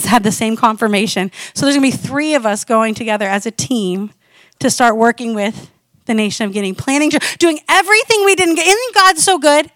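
A woman in her forties, a missionary telling her story in a lively, conversational testimony sermon. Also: fairly high pitch, fairly quick, no room sound. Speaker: missionary speaker.

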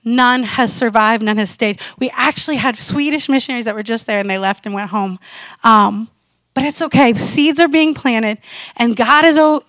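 A high-pitched woman in her forties tells her missionary testimony from the pulpit, animated and conversational. The sound is dry and close, with no room around her voice. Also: no echo. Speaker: missionary speaker. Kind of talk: testimony sermon.

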